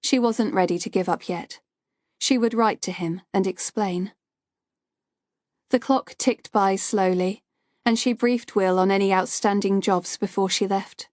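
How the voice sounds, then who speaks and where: A woman narrating a thriller audiobook in a steady, measured storytelling voice. Her pitch sits in the middle of the range, and the recording is dry and close to the mic, with no room sound. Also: dry recording.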